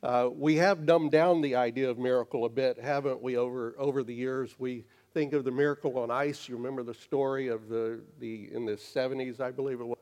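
Male pastor, mid-pitched, folksy storytelling sermon with halting restarts. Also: fairly even intonation, a little mellow. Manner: conversational, halting with frequent fillers and restarts.

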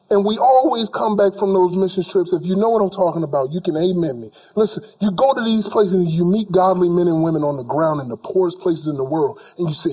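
A man's voice: high-pitched, darkish tone, breathy edge. A male preacher delivering an emphatic sermon, repeating phrases for weight and acting out imagined people in casual speech.

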